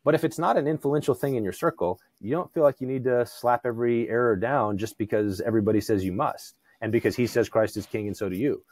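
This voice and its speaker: A man talking as a podcast guest in a conversational theological discussion, animated, acting out quoted voices with frequent restarts. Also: medium pitch, quick pace, few pauses, no echo.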